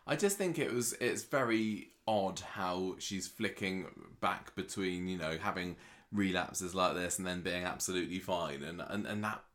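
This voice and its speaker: A man's voice: low voice, moderate pace, hardly any pauses, a bit bright. A man co-hosting a podcast, chatting about a soap with wry jokes. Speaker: podcast co-host. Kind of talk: casual chat about a soap.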